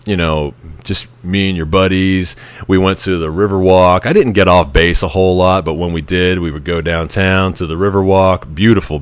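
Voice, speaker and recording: A low-voiced man in his thirties swaps service stories in a loose, rambling way. He chuckles as he goes and keeps restarting his sentences. His voice is smooth and the sound is close and dry. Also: no room sound. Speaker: Navy veteran telling stories. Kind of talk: casual anecdotal storytelling.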